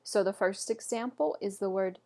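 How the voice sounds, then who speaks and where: A woman's voice: mid-range voice, fairly even intonation, normal speed, a little mellow. A woman teaching pronunciation in an online lesson, repeating each word carefully and encouraging the learner. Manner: models words repeatedly, encouraging. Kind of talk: slow, patient online lesson.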